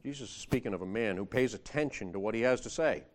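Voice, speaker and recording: A fast-talking man with a lowish voice gives a sermon in a conversational way. He often asks rhetorical questions of his listeners, and his delivery intensifies when he quotes scripture.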